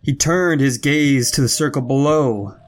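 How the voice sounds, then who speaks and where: A man reading a spooky fantasy story aloud in a measured, dramatic way. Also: mid-range voice.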